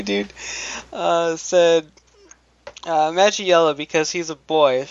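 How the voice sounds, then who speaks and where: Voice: mid-range voice, slow pace. A podcast co-host reading listener comments, giggly and playful. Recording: dull lo-fi podcast audio.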